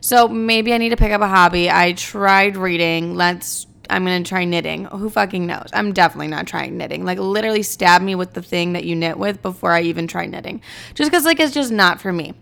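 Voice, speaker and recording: A woman's voice: lowish voice, brisk, gravelly, fairly bright tone. A woman in her twenties hosting a podcast, chatting in a blunt, profane, rambling way. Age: 20s. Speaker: podcast host. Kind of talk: casual confessional chat.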